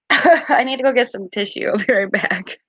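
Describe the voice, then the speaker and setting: A woman's voice: a little high, moderate pace, fairly bright tone, breathy edge, no room sound. A woman casually chatting on a live stream as a card reader, giggly and full of fillers.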